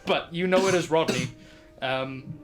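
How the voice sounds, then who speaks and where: A man's voice: fairly high pitch, measured pace, soft background music. A man narrating as game master of a tabletop game, describing things in a rambling way full of fillers.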